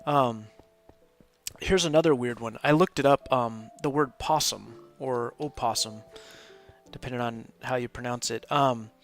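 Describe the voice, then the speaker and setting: Soft background music plays as a medium-pitched man, speaking a bit slowly, hosts a live gaming stream. His commentary is casual and wandering, and he laughs frequently.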